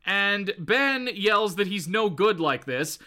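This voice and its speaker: A man's voice: sits high, expressive, takes it slowly, sharp tone. A man co-hosting a podcast, recapping comics in casual chat, laughing often and reading lines in playful voices.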